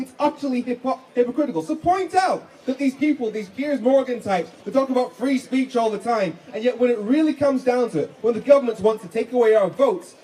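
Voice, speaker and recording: A man's voice: extremely high pitch, dark tone, poor audio. A man giving an indignant, fiery rally speech full of rhetorical questions at an outdoor street protest. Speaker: protest speaker.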